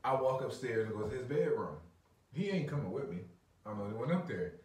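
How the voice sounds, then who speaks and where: A man's voice: medium pitch, expressive, a little fast, a little mellow. A man in his thirties, a podcast co-host, telling a story in casual chat, laughing and swearing a lot. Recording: roomy, distant mic.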